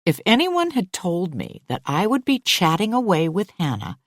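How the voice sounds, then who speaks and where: A woman narrating a first-person thriller audiobook in a measured, controlled way. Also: lowish voice, wildly swooping pitch, no room sound, clean studio sound.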